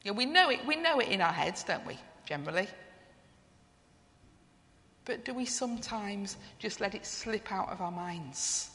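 A woman's voice: mid-range voice, lively intonation, normal speed, long pauses, pushed and bright. A woman preaching a sermon. She reflects on her theme and asks the congregation questions. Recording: long reverb of a church hall.

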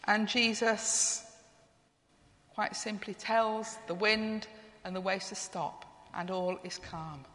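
Slow, bright-voiced woman preaching in a reverberant hall. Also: mid-range voice, steady tone. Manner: reflective, asks the listeners questions. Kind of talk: sermon. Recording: long reverb of a church hall.

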